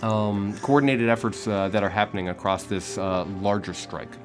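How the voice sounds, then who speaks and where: A young man narrating as game master, halting with many fillers and restarts. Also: on the low side, fairly even intonation, faint music behind.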